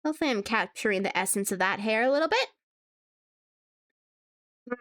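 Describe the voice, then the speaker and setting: A woman's voice: a little high, animated, fairly quick, a bit bright. A woman streamer chatting casually to her viewers while she draws, laughing often and humming along to music. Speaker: VTuber streamer. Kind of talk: casual live-stream chat while drawing.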